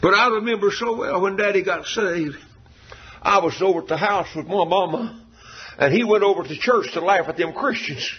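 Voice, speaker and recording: A man preaching a revival sermon with fervor, shouting and half-singing his lines in surges. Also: high-pitched, moderate pace. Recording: dull lo-fi recording.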